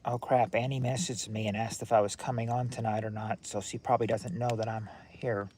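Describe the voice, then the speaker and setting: A man's voice: fairly low pitch, little pitch movement, a little fast, darkish tone, slight background noise. Chatty man streaming live. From United States. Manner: rambling, chatty, restarts often. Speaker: livestream host. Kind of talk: casual chat with live viewers. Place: at home indoors with lights on at night.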